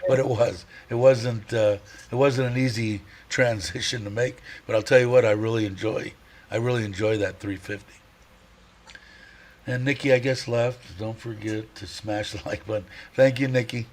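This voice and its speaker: A man's voice: lowish voice, fairly even intonation, moderate pace. A middle-aged man hosting a casual livestream, rambling and chatty, laughing often and stopping to restart his sentences. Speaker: livestream host.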